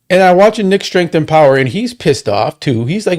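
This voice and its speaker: A man's voice: a little high, sing-song. Man ranting heatedly, swearing a lot. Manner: profane, heated, rapid repetitions and rhetorical questions. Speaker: livestream host. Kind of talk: angry watchalong rant.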